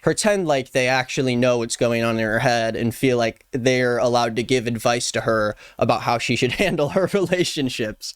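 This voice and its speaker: Young male YouTuber, playful commentary with jokey asides, smooth clear tone, dry close sound. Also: medium pitch, normal speed, hardly any pauses, no echo. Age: 20s. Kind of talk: casual commentary. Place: Los Angeles.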